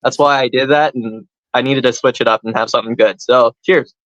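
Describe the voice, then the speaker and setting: A man with a Canadian accent joining a comedy podcast over a video call, with a halting, dry delivery. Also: mid-range voice, fairly even intonation, fairly bright tone, no echo, lo-fi sound. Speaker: podcast co-host. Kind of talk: casual comedy podcast chat.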